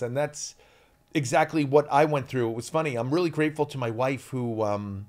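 A man's voice: medium pitch, moderate pace, darkish tone. Chatty rambling man in his forties. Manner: rambling, chatty, self-interrupting. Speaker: guest. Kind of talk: casual interview chat.

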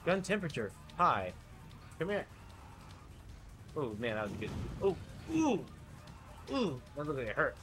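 A young man with a lively, bouncing voice that swings up and down as he trash-talks a friend mid-game. He's loud and playful, cracking himself up constantly. Game music booms behind him. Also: measured pace, long pauses. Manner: loud, playful trash talk, laughs often. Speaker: co-host playing a video game. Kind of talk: casual gaming chat.

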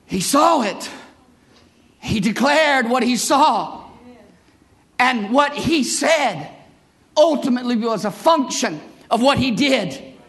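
A male pastor preaching to a church congregation, his voice sitting unusually high and ringing with a bright, forceful edge. He moves between measured scripture storytelling and passionate, shouted declarations. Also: lively intonation, gravelly. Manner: impassioned preaching that rises into shouted bursts. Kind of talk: sermon.

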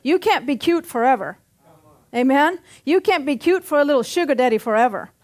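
A woman's voice: high-pitched, animated, a little fast, darkish tone. A middle-aged woman pastor preaching a sermon in a church, punchy and joking, often calling out for an amen. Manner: punchy, joking, calls for amens.

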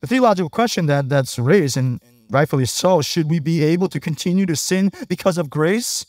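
A male pastor delivers a sermon in a relaxed, conversational tone, often turning to the congregation with a quick "right?" His voice sits fairly high for a man. The recording is dry and close, with no room echo.

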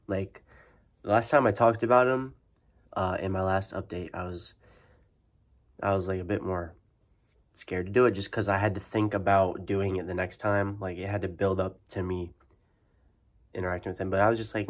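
Young man, low register, loose rambling vlog delivery, angry and profane with lots of filler words. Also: steady tone, normal speed. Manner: loose and profane, heavy fillers like "like" and "you know"; agitated, venting anger. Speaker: vlogger giving a life update. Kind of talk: casual rambling storytelling.

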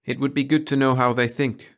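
A stern, cautious alien hunter in a storybook reading, measured and firm as he corrects his partner, as a man puts him on. The voice stays near an everyday male voice. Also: mid-range voice, steady tone, voice pushed up, lightly acted.

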